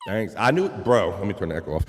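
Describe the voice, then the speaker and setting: A man's voice: on the low side, big pitch swings, fast, a little hiss or hum. A man hosting a livestream in a casual, laid-back chat, reading out viewer comments and swearing freely. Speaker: livestream host.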